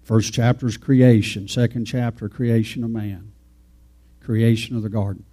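A man's voice: fairly low pitch, steady tone, moderate pace, dark tone. A man preaching an informal, folksy sermon, rambling and talking straight to his congregation.

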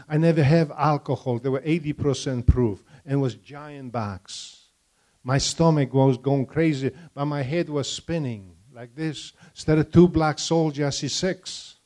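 A man's voice: fairly high pitch, a little mellow. An older man from Poland with a Polish accent and broken English, giving a testimony to a church audience and stopping to put questions to the listeners.

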